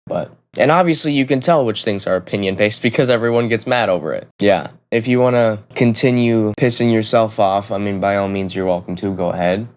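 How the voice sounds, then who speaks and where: A young man with a somewhat low voice speaks in a loose vlog monologue. He is blunt and swears casually. He rambles and often restarts his thoughts mid-sentence. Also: moderate pace. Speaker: vlogger.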